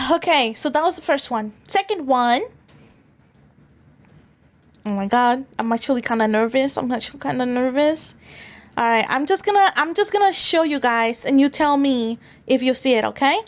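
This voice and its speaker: A high-voiced woman talks loosely to her stream chat, giggling between rambling, crude jokes. She trips over her words and restarts often, teasing the viewers as she goes. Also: animated, a little slow. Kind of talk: casual livestream chat.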